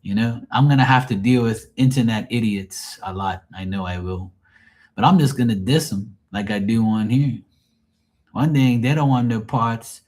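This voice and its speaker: A man's voice: medium pitch, normal speed, darkish tone. A man chatting casually to his livestream viewers, rambling and swearing freely in a joking way. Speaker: livestream host.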